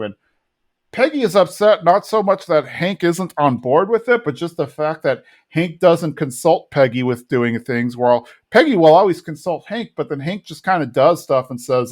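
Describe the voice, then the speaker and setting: A man's voice: fairly high pitch, expressive, normal speed. A man co-hosting a podcast, casually recapping an episode and now and then mimicking the characters. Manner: retells scenes, briefly mimicking characters. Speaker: podcast co-host.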